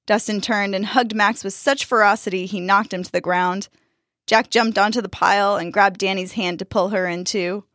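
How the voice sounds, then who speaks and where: A woman's voice: normal speed, no room sound. Woman narrating a storybook, dry close sound. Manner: expressive, voices characters with raised pitch. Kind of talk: storybook narration with character voices.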